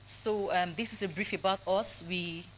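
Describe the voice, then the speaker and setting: A Nigerian woman hosting a forum as its convener, a lively emcee who jokes with the audience. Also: on the low side, moderate pace, a little hiss or hum, low-quality recording.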